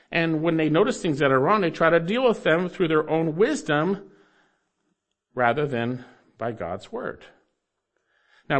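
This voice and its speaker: A man preaching a sermon, emphatic and repetitive, swinging between loud declarations and soft asides. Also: on the high side. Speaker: pastor.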